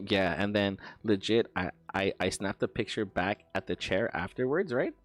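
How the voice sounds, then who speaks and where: Low-voiced man, profane and halting. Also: soft background music. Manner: profane, halting, many stammered restarts. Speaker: streamer. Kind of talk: casual storytelling while livestreaming.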